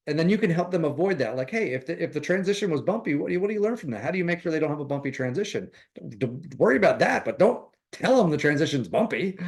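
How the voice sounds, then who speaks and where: Guy coaching real estate agents, fairly high voice, acts out both sides of chats. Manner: animated, acts out dialogue with changing voices. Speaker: real estate recruiting instructor. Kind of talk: casual coaching talk.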